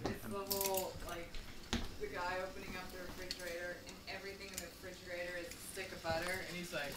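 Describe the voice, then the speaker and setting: A woman casually telling an anecdote at a family party, in an animated storytelling manner. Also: lowish voice, quick pace. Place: home during a family party. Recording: distant, roomy home video with crowd noise.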